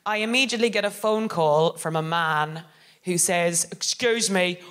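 A woman's voice: normal speed, clean tone. An Irish woman co-hosting a live podcast, telling a funny story with lots of laughter and acted-out voices. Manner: animated, laughing, acting out quotes in high voices. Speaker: co-host. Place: live show on a theatre stage.

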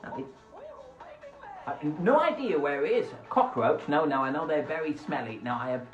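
On the high side and at a moderate pace, a man streams a children's show from his home beside a window, recorded on a phone camera. He's silly and animated, darting between voices and asides. The audio is reverberant and dull, with background music.

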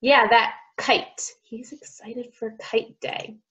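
A young woman, a speech therapist, reading a picture book to children, slowly modeling sounds and praising each try. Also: a little high, steady tone, a bit bright, dull audio. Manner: slow, drawn-out modeling of sounds, encouraging praise.

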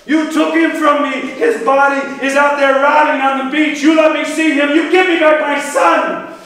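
A man's voice: on the high side, fairly even intonation, a little slow, a little mellow, lightly acted. An actor playing a grieving old king, proud yet humbled, who talks in a pleading way on a theater stage. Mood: furious. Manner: pleading, then raging. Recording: echoey theater, mic far off.

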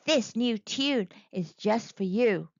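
A small, clever female monkey from a children's storybook, sweet-talking in a high, lilting voice, acted by a woman reading aloud. She speaks slowly and coaxingly. The recording is dry and a little muffled. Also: no echo, heavily acted. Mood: flattering. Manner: flattering, coaxing, high and bright.

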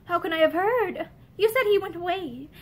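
A woman's voice: very high-pitched, normal speed, pitched above the performer's own voice. A woman reading the part of a proud young wife who answers coldly and obstinately in a novel read aloud. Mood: defiant. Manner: cold and obstinate.

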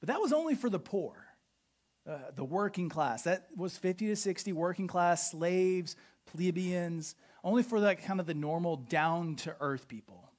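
A pastor preaching a sermon, explaining history with an animated, questioning teaching manner. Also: medium pitch, measured pace. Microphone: podcast recording of a live sermon.

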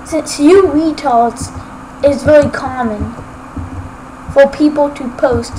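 A woman's voice: sits high, measured pace. A woman giving rambling, casual gameplay commentary as a Let's Play gamer, often ranting at haters. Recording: noisy homemade recording.

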